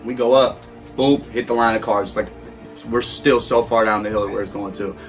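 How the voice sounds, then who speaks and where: A man's voice: lowish voice, normal speed, far from the mic, soft background music. A man telling a story as an interview guest, casual and slangy, acting out what people said. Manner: animated, acts out quotes, slangy.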